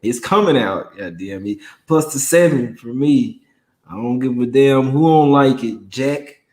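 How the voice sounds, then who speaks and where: A man's voice: medium pitch, a little slow, a little mellow, echoey room, rough recording. A young man hosting a casual sports betting livestream, chatting in a laid-back slangy way and greeting viewers by name.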